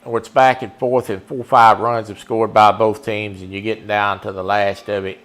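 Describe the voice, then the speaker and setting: A man's voice: fairly low pitch, little pitch movement, normal speed, a bit bright. A man giving casual, folksy live-stream commentary while playing a baseball video game and chatting with viewers. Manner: folksy, chatty, talks to the chat.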